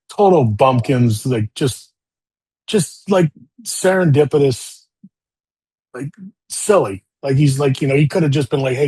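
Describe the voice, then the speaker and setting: A man in an interview telling animated stories about his golf career, with lots of fillers. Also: medium pitch, breathy edge. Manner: animated storytelling with many fillers. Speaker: golfer guest. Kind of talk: storytelling interview talk.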